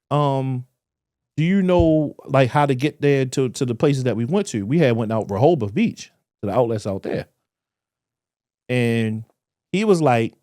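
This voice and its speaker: Podcast guy telling a story, voice bouncing all over, dry close mic. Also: no room sound. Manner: animated, breaks into high excited pitch while telling stories. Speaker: podcast co-host. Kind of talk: casual storytelling chat.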